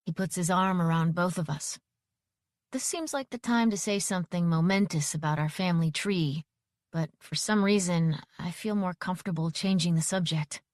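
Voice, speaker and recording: Low-voiced woman reading an audiobook. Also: no room sound, studio quality. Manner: expressive, voices each character. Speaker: audiobook narrator. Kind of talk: first-person audiobook narration.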